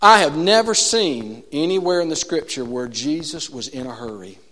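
Male pastor, high-pitched, animated sermon delivery that swings from quiet to loud, echoing church hall. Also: normal speed. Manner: animated storytelling, swinging from hushed to shouting. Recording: long reverb of a large hall.

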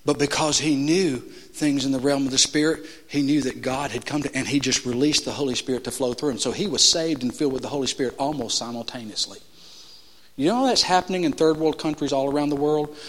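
A man preaching a sermon in a church. He tells stories, building to loud emphatic peaks and then dropping low and quiet. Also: fairly quick. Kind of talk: sermon with storytelling. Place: church sanctuary. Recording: long reverb of a large hall.

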